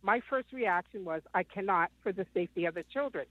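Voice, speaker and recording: A fifties-aged woman phones in, her lowish voice lively in intonation and a little fast, with no room sound. She rambles through her story with many ums over a tinny line.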